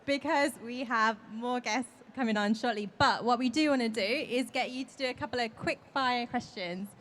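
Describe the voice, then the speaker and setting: A woman's voice: fairly high pitch, moderate pace, a bit bright. A woman hosting a live interview at a convention, keeping things moving. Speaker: interview host.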